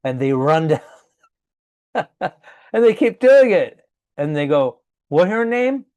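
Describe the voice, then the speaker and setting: A man co-hosting a comedy podcast, chatting casually and chiming in with quick agreement and jokes. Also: a little high, very animated, mellow. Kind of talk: casual chat.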